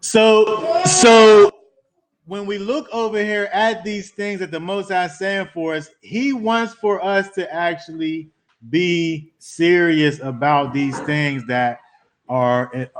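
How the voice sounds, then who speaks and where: A man's voice: on the high side, steady tone, slow, slight background noise. A man teaching a Bible study to a small group, talking conversationally and repeating words as he builds emphasis.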